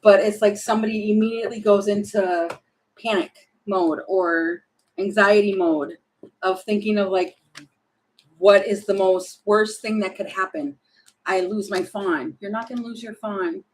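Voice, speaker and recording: Tarot lady reading cards out loud, lots of "like" and "um", talking it through as she goes. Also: mid-range voice, normal speed, rough recording. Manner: animated, thinking aloud with many fillers. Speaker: tarot reader.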